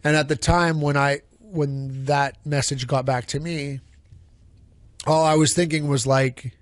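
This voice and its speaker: A man's voice: fairly high pitch, steady tone, unhurried, dry recording. A man who sings in a band, telling a long story in a casual interview, restarting sentences and swearing freely. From Canada. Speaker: band singer and songwriter.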